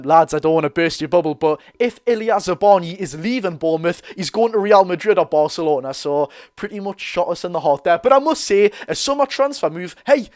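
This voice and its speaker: A man with a Geordie accent presenting a fan transfer news vlog in a chatty, animated way, with exasperated asides. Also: sits high, dry recording, clean studio sound. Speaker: football news vlogger.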